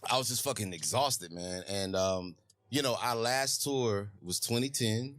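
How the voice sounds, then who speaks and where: Man, low voice, dry, candid, profane, casual interview storytelling. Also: measured pace, a bit bright, no echo. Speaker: rapper and TV writer guest.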